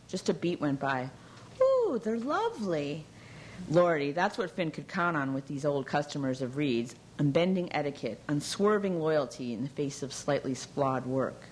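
A woman with a low, grounded voice reads a novel aloud. Her storytelling is measured and even, in scripted narration. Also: a little hiss or hum, low-quality recording. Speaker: audiobook narrator.

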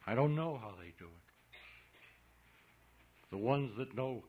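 A man's voice: mid-range voice, lively intonation, slow pace, slight background noise. A man reading an audiobook, voicing a big, blustering small-town man who scolds a boy in folksy, ungrammatical talk. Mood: hectoring. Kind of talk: audiobook character voice. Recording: dull lo-fi recording.

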